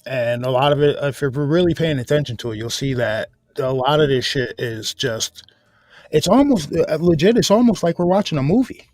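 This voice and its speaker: Man, halting questions, casual panel talk, dry close sound. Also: a little high, lively intonation, darkish tone, dry recording. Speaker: panel guest.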